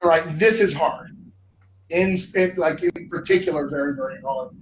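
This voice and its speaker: A man's voice: fairly high pitch, normal speed. Chatty male dialect coach, echoey room. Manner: chatty, reads questions aloud, playful nagging. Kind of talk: live-stream Q&A. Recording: echoey room, from far off, faint noise.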